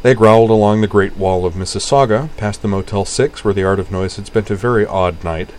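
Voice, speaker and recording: A man narrating a novel in a steady, descriptive reading. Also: lowish voice, fairly quick, low-quality recording. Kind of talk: audiobook narration.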